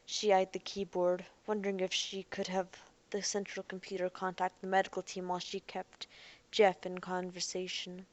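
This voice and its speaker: A woman narrating an audiobook in a quiet, even storytelling manner. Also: medium pitch, normal speed, no echo. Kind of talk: scripted narration.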